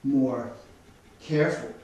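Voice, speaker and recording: An Australian man working as a dog trainer, explaining dog behaviour in an instructive way and giving calm commands to the dogs. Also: mid-range voice, slow pace. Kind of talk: explaining while demonstrating. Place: studio. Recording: echoey room, mic at a distance.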